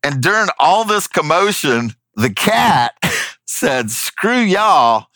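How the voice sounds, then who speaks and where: A man's voice: fairly high pitch, takes it slowly, no echo. A man telling a story in casual chat, acting out the voices of the people in it. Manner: animated, acts out voices in his anecdotes.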